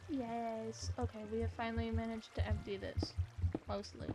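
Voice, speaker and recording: Streaming a game, a woman from the United States talks in a loose, rambling way and swears occasionally, with background noise in the audio. Her voice is a little high and level in tone, at a normal speed. Her accent is neutral American, with some words that sound British.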